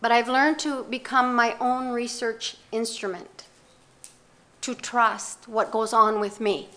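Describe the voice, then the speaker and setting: An older woman giving a talk, telling a personal story in a measured, reflective way with pauses and restarts. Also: on the high side, fairly even intonation, a bit bright.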